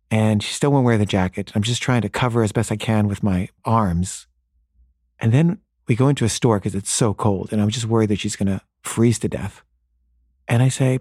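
A man's voice: brisk, dry recording, clean studio sound. A man in his thirties casually telling a personal anecdote, acting out the dialogue as he goes. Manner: casual, animated, acts out dialogue with rising pitch. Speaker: storyteller.

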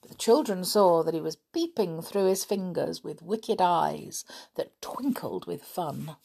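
A woman reading a children's book aloud in a lively way, giving the characters voices. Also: on the low side, measured pace, vocal fry, few pauses, breathy edge. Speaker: storybook reader.

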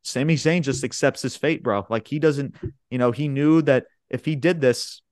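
A man co-hosting a podcast in casual chat, excitably retelling events in a rambling way, swearing often and calling listeners "bro" and "man". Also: mid-range voice, normal speed, no room sound, clean studio sound. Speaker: podcast co-host.

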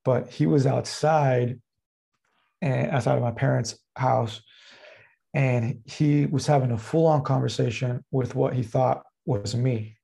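Man, podcast guest, gravelly voice, rambling casual storytelling, lots of fillers. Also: medium pitch, fairly even intonation, a little slow, warm tone. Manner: rambling, heavy use of fillers like "like" and "uh".

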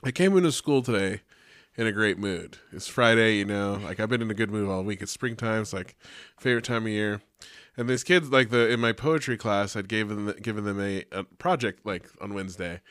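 A man's voice: lowish voice, brisk, no room sound, studio quality. Young man telling a profane teacher story. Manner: animated and profane, heavy use of "like", acts out quotes. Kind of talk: casual storytelling chat.

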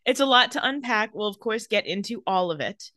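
Lively bright-voiced young woman. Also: mid-range voice, fairly quick, no room sound. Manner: lively, laughs often, acts out quotes. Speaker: podcast co-host. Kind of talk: casual recap chat.

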